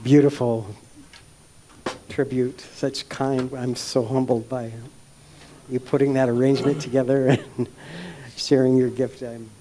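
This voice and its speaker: Slow, mellow-voiced man giving church announcements. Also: mid-range voice, level tone, a little hiss or hum. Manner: halting, warm-hearted, many ums and uhs. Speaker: service leader.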